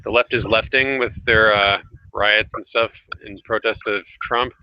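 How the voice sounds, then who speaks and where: A man hosting a casual online group chat, talking hesitantly with many filler pauses over a home computer mic. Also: lowish voice, steady tone, smooth. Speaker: host. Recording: dry, muffled lo-fi audio.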